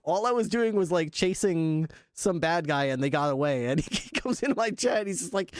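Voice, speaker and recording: Animated man chatting to his stream. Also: a little high, normal speed, hardly any pauses, smooth, no echo, studio quality. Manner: animated, laughs often, swears casually. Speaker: livestreamer. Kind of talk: casual chat with stream viewers.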